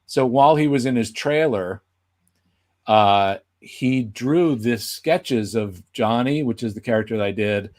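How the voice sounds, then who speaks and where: Man telling a story with lively acted-out quotes. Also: mid-range voice, unhurried. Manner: animated, acts out quoted voices. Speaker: guest puppeteer. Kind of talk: casual anecdote telling.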